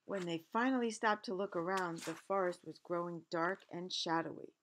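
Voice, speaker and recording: A woman reading a picture book aloud, stopping often in a gentle, expressive way to explain the pictures. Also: fairly low pitch, normal speed, a little hiss or hum.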